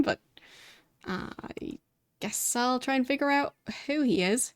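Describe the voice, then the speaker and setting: A woman streaming a retro role-playing game, reading its text aloud and adding wry, sarcastic asides in a quiet, muttered voice. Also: fairly high pitch, slow, no room sound.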